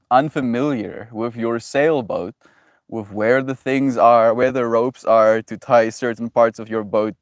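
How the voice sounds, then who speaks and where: A man on a daily livestream talks gently and reflectively to his viewers, wandering between thoughts and laughing often. His voice sits at an ordinary middle pitch. The sound is dry and close. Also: no echo. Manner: gentle, self-affirming, laughs often, meandering. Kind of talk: casual reflective chat with viewers.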